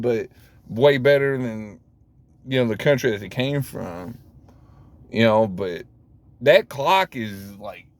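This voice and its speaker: A man in a rambling, profane casual rant to camera, full of fillers and sudden high exclamations. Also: no room sound. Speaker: vlogger.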